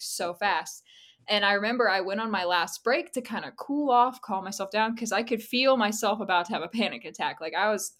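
A young woman co-hosting a casual podcast, telling stories with lively energy and laughing easily. Her voice sits in the middle of the usual range for a woman. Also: mid-range voice. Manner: chatty, laughs often, animated storytelling. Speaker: podcast co-host. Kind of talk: casual chat.

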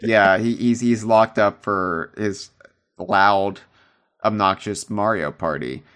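Lowish-voiced rambling male podcast host. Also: slow pace, fairly bright tone, clean tone. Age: adult, calls himself old. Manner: chatty, rambling with restarts and fillers. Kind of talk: casual podcast chat.

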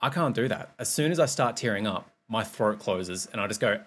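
Animated and a little fast, a fairly low-voiced man hosts a podcast streamed live, talking candidly in a rambling casual monologue. He is a personal trainer and swears freely.

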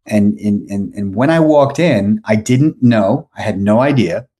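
A man's voice: fairly low pitch, animated, a little slow, warm tone. A man from New York telling a story as a podcast guest, rambling with lots of fillers and restarts. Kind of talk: casual storytelling.

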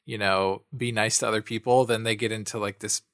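A man co-hosting a podcast who talks through a film critique in a thoughtful, analytical way, with pauses and fillers. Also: on the low side, steady tone, a bit bright, no room sound, clean studio sound. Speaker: podcast co-host. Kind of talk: casual film discussion.

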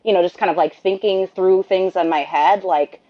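A woman's voice: fairly low pitch, fairly even intonation, moderate pace. A woman, the host's sister, telling a story in a chatty, rambling way and acting out the dialogue. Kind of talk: storytelling conversation. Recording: dull lo-fi sound.

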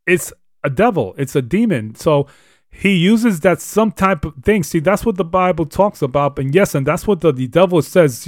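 A man's voice: a little high, animated, moderate pace, dry recording, studio quality. A man hosting a live show, teaching on the Bible in an earnest, emphatic, repetitive way. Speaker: host.

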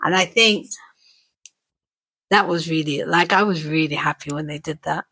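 Husky mum chatting on a podcast, animated storyteller, dry close sound. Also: female voice, sits low, normal speed, dry recording. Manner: animated storyteller, acts out quoted dialogue. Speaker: podcast co-host and mother. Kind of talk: casual chat.

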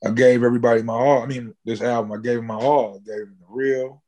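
A man telling a wild story, animated and profane. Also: fast. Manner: animated, swears freely, acts out quotes with jumps in pitch. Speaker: interview guest, musician. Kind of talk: casual storytelling interview.

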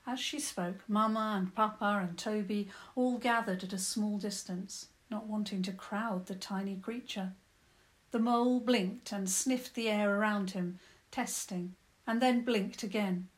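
A woman calmly and gently narrating a children's story. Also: mid-range voice, a little slow.

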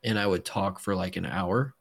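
A man's voice: low voice, normal speed, vocal fry, slightly rough. A man podcast host in casual chat, laid-back and rambling, swearing casually.

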